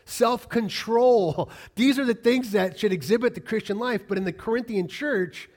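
A middle-aged pastor preaches with a fairly high voice, pressing his points hard. He repeats key lines for weight and throws questions out to the congregation as he goes. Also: normal speed, darkish tone. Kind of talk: sermon.

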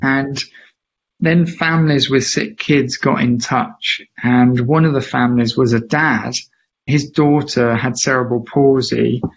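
A man, a podcast guest, telling a story with lively emphasis and acting out the voices of people he quotes. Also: medium pitch, unhurried, muffled recording. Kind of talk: animated storytelling in a podcast interview.

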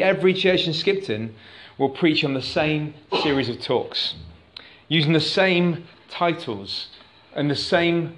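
A man gives a sermon in a church, talking conversationally and putting questions to the congregation. His voice sits a little high. The room around him is echoey. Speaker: pastor. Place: church hall.

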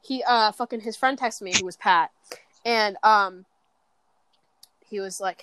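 A woman's voice: mid-range voice, a little slow, long pauses, sharp tone, clean tone. A teenage girl in casual chat, rambling and swearing, with many fillers and restarts. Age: teens. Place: bedroom.

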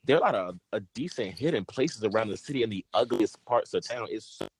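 A man's voice: fairly low pitch, lively intonation, quick pace, husky, dry recording. A man co-hosting a podcast, telling a long story in casual, profane chat, full of fillers and restarts.

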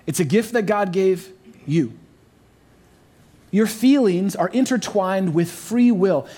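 A pastor with a fairly high voice delivers an earnest sermon. He leans into his points with emphasis and slows right down on the phrases he wants to land. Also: darkish tone. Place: church overflow room.

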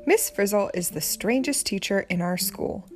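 A woman reading a children's picture book aloud, narrating gently and clearly. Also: medium pitch, lively intonation, moderate pace, soft background music. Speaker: storybook reader.

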